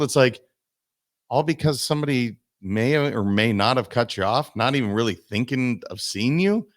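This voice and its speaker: A man, a guest coach in a podcast interview, telling stories in an animated way and acting out the people he quotes. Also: medium pitch, normal speed. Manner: animated storytelling, acts out voices in quotes. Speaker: guest, mindset and business coach.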